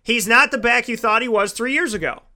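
This sports show host has a very high-pitched, sharp-toned voice and a brisk delivery. He gives opinionated football commentary, ranting emphatically and repeating himself for effect.

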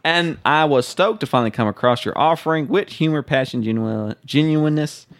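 A man's voice: a little high, brisk. A man co-hosting a casual podcast, reading listener emails aloud between jokey banter. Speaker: podcast co-host.

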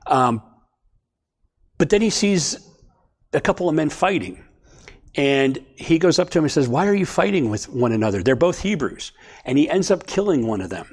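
A man's voice: fairly high pitch, sing-song, normal speed, long pauses, darkish tone, slightly rough. Man, Bible study teacher; casual, chatty delivery to a small group. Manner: conversational, checks in with "okay?".

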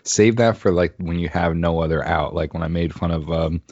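A young man with a low voice chats loosely on a podcast, swearing freely and laughing between thoughts. His voice comes through a dull, slightly lo-fi recording with a dry sound. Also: moderate pace, darkish tone, dry recording. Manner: loose, profane, laughs often. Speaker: podcast co-host. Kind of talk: casual chat.

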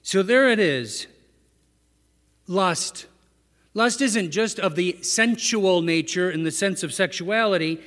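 Man, high voice, sermon, conversational preaching, rhetorical questions, echoey hall. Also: slow pace, fairly bright tone.

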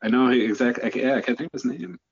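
Casting: podcast guest, man, halting restarts, animated pitch, muffled lo-fi sound. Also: gravelly, breathy edge. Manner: halting, restarts often, laughs along. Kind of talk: casual chat.

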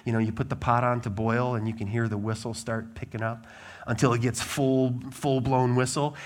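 A middle-aged man preaching a sermon as pastor, swinging from loud emphatic declarations to quiet conversational asides. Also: mid-range voice, little pitch movement, moderate pace.

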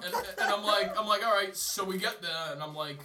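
A man's voice: sits high, a little fast, over a noisy crowd. A man co-hosting a casual podcast, stammering and repeating words as he tells a story, swearing freely. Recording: distant mic, noisy room.

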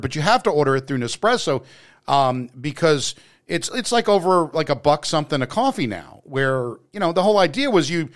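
Rambling New Jersey man chatting. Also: a little high. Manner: rambling, many restarts and fillers. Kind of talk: casual chat.

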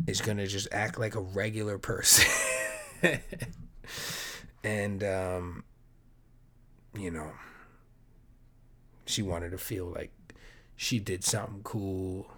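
A man's voice: low voice, pushed and bright. Laid-back, rambling man hosting a podcast. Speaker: podcast host. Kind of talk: casual solo podcast monologue.

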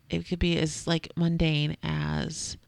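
A woman's voice: deep voice, little pitch movement, slow, creaky, darkish tone, dry recording. A woman in her thirties chatting casually as a parent of a toddler, laughing often and acting out what others say. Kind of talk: casual chat.

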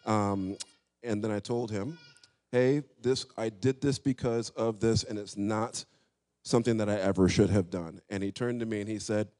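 A man's voice: mid-range voice, expressive, normal speed, darkish tone. Earnest man telling a personal story. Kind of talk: personal story in casual talk.

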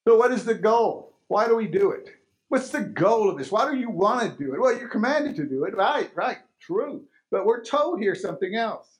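A man's voice: sits high, expressive, normal speed. A man preaching a sermon as pastor, emphatic, asking rhetorical questions and repeating key phrases.

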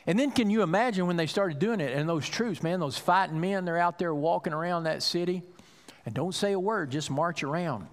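A male pastor preaching a sermon, telling a story with acted-out dialogue and building to loud, emphatic peaks. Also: high voice, brisk, big-room sound.

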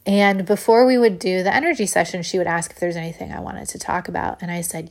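A woman telling a personal story to listeners in a lively, animated way, laughing often as she speaks. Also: medium pitch, fairly quick.

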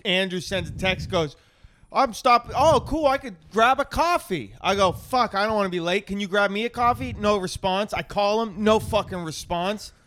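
A man's voice: sits high, moderate pace. A man on a podcast telling a story in casual chat, swearing constantly and acting out the dialogue. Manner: profane, animated retelling with quoted dialogue. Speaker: podcast host.

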